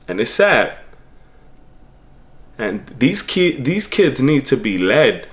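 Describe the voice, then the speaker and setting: A man's voice: medium pitch, animated, moderate pace, fairly bright tone. A man giving preachy, streetwise life advice in a casual motivational monologue.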